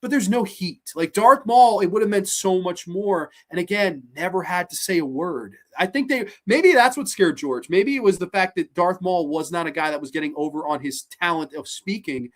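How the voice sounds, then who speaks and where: A podcast host reviewing films in an animated, profane rant. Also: medium pitch, normal speed, few pauses.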